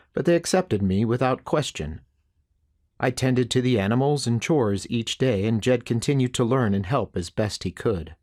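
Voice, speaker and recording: A man narrates a western audiobook at a steady, unhurried pace. His voice sits at an ordinary middle pitch, recorded close and dry with no room sound. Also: no room sound.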